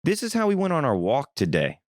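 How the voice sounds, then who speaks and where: A young man from Missouri hosting a podcast, telling a rambling, animated story in a casual, swearing manner. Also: fairly high pitch, fairly quick, no room sound, studio quality. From Missouri, USA. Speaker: podcast host.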